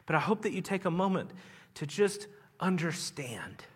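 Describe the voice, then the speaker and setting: A pastor preaching a sermon in an earnest, conversational way with a regional Southern American accent, restarting phrases and swelling into emphatic lines. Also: male voice, sits high, expressive, normal speed, breathy edge. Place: church sanctuary.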